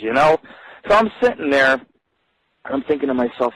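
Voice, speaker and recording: A man's voice: mid-range voice, fast talker, fairly bright tone, dry recording, low-quality recording. A man hosting a live radio show, telling crude, rambling stories full of swearing. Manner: profane, swears constantly, rambling.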